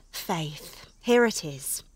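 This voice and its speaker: A woman's voice: sits low, fairly bright tone, breathy edge, no echo, heavily acted. A woman playing an elderly, outspoken household nurse in a classical drama.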